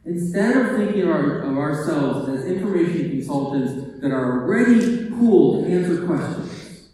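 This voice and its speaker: A man giving a conference keynote as a librarian, animated and joking, firing off rhetorical questions. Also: fairly high pitch, normal speed. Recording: echoey hall from far off.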